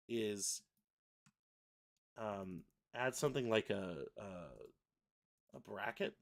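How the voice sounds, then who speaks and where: A man hosting a live software tutorial, thinking aloud and correcting himself as he works. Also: mid-range voice. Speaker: software livestream host. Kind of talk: casual live software demo.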